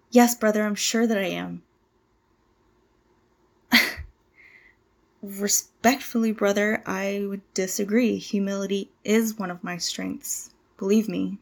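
A woman in her twenties playing a nervous young cult initiate who stammers, apologizes and tries hard to please. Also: mid-range voice. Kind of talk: audio drama monologue.

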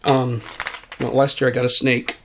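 A man hosting his own podcast in a casual solo monologue, talking in a sick, hoarse voice into a studio mic, rambling and self-deprecating with awkward jokes. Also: mid-range voice, completely flat delivery, normal speed, fairly bright tone, slight background noise. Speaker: podcast host and voice artist. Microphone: studio mic at home.

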